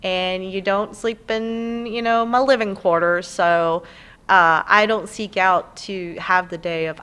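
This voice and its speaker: Animated woman guest telling stories. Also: mid-range voice, slow pace, clear, resonant tone. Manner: animated, quotes people in playful voices. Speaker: podcast guest. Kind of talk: casual chat.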